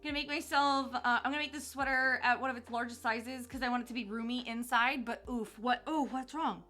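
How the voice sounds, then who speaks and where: Young woman streamer gushing at chat, high bright voice, laughs a lot, faint music behind. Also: fairly even intonation, fairly quick. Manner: bubbly and gushing, laughs often. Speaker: live streamer. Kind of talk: casual live-stream chat with viewers.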